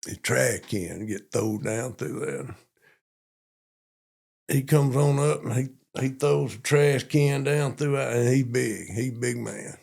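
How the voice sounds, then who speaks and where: An older man from Georgia with a Southern drawl and a gravelly, creaky voice. He recounts his army days in a folksy, repetitive style, growing animated as the story builds. His pitch sits mid-range for a man. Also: slow pace. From Monroe, Georgia. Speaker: police chief and interview guest. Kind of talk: storytelling in an interview.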